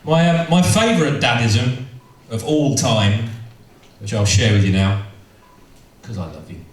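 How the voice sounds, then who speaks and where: Here a male stand-up comedian speaks a little slowly in a medium pitch, wandering through his story with self-interruptions, repetition and amused side comments. There's slight background noise, and the echoey room is miked from a distance.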